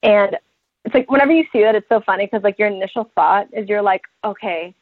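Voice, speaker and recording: Young woman, athlete guest, lively storyteller who acts out quotes; dry, tinny phone-like sound. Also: medium pitch, fast, dry recording. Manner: animated, laughing, acts out quoted lines. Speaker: Paralympic track athlete telling her story. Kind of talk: casual storytelling.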